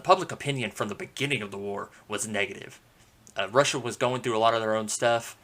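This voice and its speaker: Male podcast host, low-pitched and bright, casual storyteller who leans on fillers and jokes. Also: fast. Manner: relaxed and conversational, with frequent fillers and playful asides.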